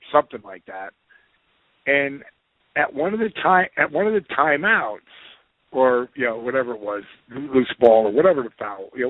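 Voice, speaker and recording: A man telling a lively, profane anecdote as a podcast guest, acting out the voices of the people he quotes. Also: medium pitch, no echo. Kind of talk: casual anecdote storytelling. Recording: tinny phone-like line, dry.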